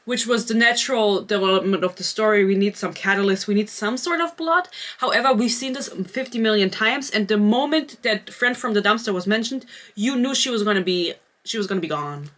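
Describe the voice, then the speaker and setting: A woman's voice: mid-range voice, expressive, fairly quick, fairly bright tone. A young woman reviewing a book in casual chat, sarcastic and swearing freely as she mocks it.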